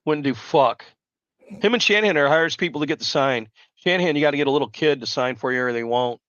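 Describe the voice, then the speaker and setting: A man rambles through a live stream, loud and foul-mouthed. His voice is forceful and a bit high, and the sound is dull and dry, like a lo-fi mic. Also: fast, no room sound. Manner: loud, rambling, swears constantly. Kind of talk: profane casual storytelling chat.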